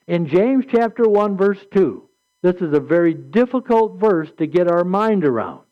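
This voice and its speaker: A man's voice: high-pitched, warm tone. A man preaching a sermon, retelling scripture stories in an earnest, plainspoken way and reading verses aloud. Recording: muffled lo-fi recording.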